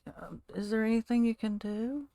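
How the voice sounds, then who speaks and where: A woman streaming from home, chatting casually and rambling to her viewers, now and then cooing softly to her cat. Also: fairly high pitch, normal speed, vocal fry, no room sound, studio quality.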